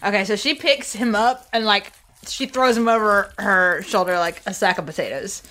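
A woman playing a tabletop game, trading quick, laughing banter. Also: medium pitch, bright, forceful tone. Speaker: player. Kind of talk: casual tabletop game play.

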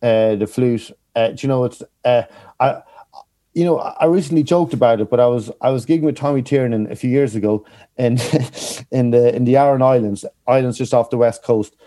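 Mellow-voiced Irish man telling stories. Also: medium pitch. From Ireland. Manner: chatty rambling storyteller, quick to laugh. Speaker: guest comedian. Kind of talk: casual chat.

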